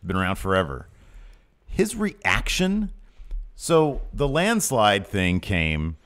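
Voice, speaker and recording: A man co-hosting a podcast, chatting casually about wrestling and jumping up high when he quotes people. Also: takes it slowly. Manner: animated, jumps up in pitch when quoting people. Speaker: podcast co-host. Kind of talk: casual wrestling recap chat.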